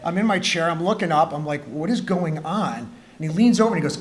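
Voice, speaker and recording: A man, a high school teacher, telling a humorous personal story to students in a school gym, acting out the dialogue. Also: quick pace. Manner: joking, animated storyteller who acts out dialogue.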